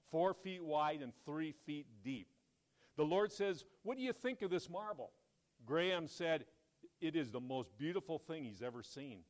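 Man telling a sermon story. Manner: animated, voice rising for quoted lines and dropping low for reflection. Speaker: preacher. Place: church.

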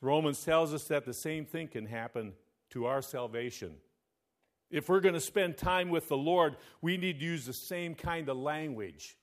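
Brief: male preacher, sermon delivery, somewhat high voice, call-and-response. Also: normal speed. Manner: calls out "Amen?" to the congregation. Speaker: pastor.

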